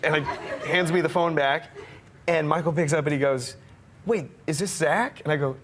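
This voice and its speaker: Laughing, excitable young man telling a story. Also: on the high side, fairly quick, noisy background. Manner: excitable storyteller, laughing often, acts out quotes. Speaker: musician guest. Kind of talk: casual anecdote.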